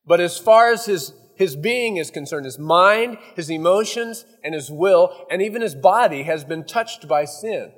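A man's voice: high-pitched, expressive, unhurried, hardly any pauses, big-room sound. A man preaching a verse-by-verse sermon as pastor, folksy and conversational, often acting out asides.

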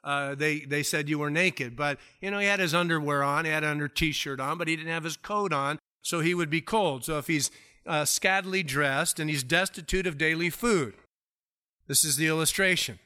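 A bright, slightly high male voice preaching an expository sermon. He talks conversationally, acting out everyday scenes, and swings between hushed murmured asides and raised, emphatic peaks. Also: moderate pace, clean tone. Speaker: pastor.

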